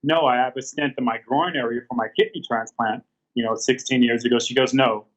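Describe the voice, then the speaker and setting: On a dull lo-fi recording, a man in his fifties is interviewed and shares a hard story from his life in a candid way, with frequent fillers and restarts. His voice sits at medium pitch, fairly bright and steady in tone, and moves along fairly quickly.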